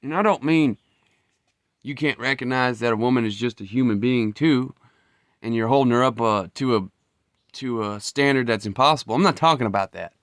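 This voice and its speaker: A man's voice: mid-range voice, no echo, studio quality. A man giving a blunt, profane, heated monologue as a vlogger. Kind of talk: ranting monologue.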